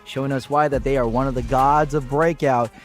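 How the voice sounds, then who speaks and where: A man doing play-by-play commentary on a fighting game tournament, excitable and jokey with bursts of hype. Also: medium pitch, brisk, soft background music. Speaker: esports commentator.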